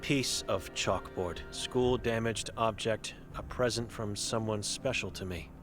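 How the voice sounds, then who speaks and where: Old blind mute woman played by a man, game figure, grave, terse broken phrasing, slow delivery. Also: on the low side, over music, natural voice. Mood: grim. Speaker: game character. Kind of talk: video game voice acting.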